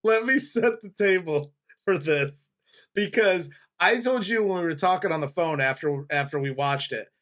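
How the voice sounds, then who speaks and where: A man in his forties hosts a relaxed movie review chat, easygoing and often laughing. His voice sits a bit higher than most men's. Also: normal speed. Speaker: podcast host.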